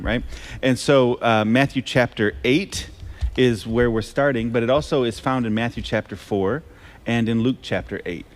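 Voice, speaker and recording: A man co-hosting a Bible podcast in a relaxed, casual way, with frequent fillers, before reading scripture aloud. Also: mid-range voice.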